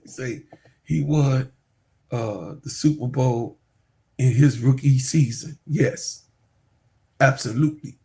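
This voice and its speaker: Male streamer, unhurried chatty storyteller, gravelly fry, laughs through his anecdotes. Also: mid-range voice. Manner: rambling, laughs often, addresses viewers as y'all. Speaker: sports YouTuber talking to viewers. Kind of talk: casual livestream storytelling.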